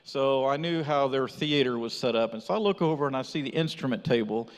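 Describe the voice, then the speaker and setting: A Texas man with a mid-range voice gives his missionary testimony in a church sanctuary, speaking briskly. He's an animated storyteller, telling the tale with energy and acting out what people said. The church hall is reverberant.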